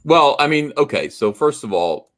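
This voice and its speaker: A man's voice: on the high side, sing-song, normal speed, fairly bright tone. A man talking casually on a livestream, rambling with lots of hesitations and a dry, sarcastic humor. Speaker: co-host on a livestream talk show.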